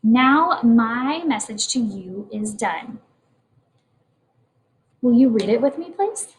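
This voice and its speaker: This is a kindergarten teacher guiding young children through a morning message lesson with patient encouragement. She talks slowly and expressively in a higher-pitched voice, captured on a rough recording with slight background noise.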